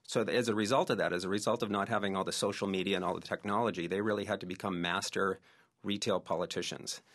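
Fast-talking deep-voiced male researcher. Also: fairly even intonation, a bit bright. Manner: eager, anecdotal storytelling. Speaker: researcher and oral historian. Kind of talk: interview guest explaining his research.

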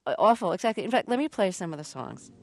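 A woman's voice: mid-range voice, expressive, fast talker, a little mellow, soft background music. A woman interviewer who asks curious questions and laughs easily. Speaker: interviewer, host. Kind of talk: radio-style interview.

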